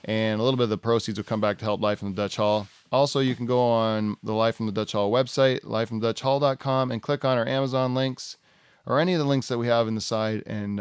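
A man's voice: lowish voice, smooth, dry recording. Rambling man hosting a podcast. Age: middle-aged. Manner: rambling, laughing often, swearing freely. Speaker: podcast host. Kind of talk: casual chat.

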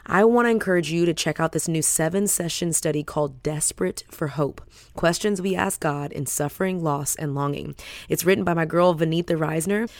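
An effusive woman hosts a faith podcast in a casual chat. Her voice sits fairly low, and the sound is close and dry. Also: brisk, dry recording. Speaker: podcast host.

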